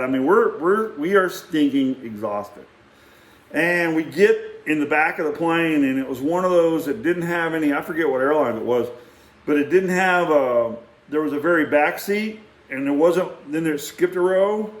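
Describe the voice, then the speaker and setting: A middle-aged man telling a rambling, animated story in a casual way and acting out quotes. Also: fairly high pitch, moderate pace, echoey room. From Texas. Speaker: vlogger.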